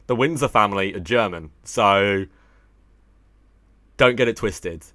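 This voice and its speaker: A man's voice: lowish voice, measured pace, bright, forceful tone, no room sound, clean studio sound. Chatty English young man on a livestream. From England. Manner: rambling, swearing, jokey. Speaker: livestream host. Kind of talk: casual livestream chat with viewers.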